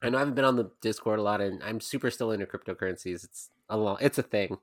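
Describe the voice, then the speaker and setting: A man's voice: lowish voice, quick pace, no room sound, clean studio sound. A young adult man co-hosting a podcast in casual chat, rambling through anecdotes with lots of swearing and laughter. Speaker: podcast co-host.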